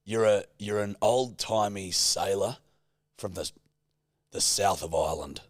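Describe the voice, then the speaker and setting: A man's voice: lowish voice, dry recording, clean studio sound. A man co-hosting a comedy podcast, tossing out prompts in casual banter and laughing often. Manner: animated, laughing, prompts with quick suggestions. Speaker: podcast co-host.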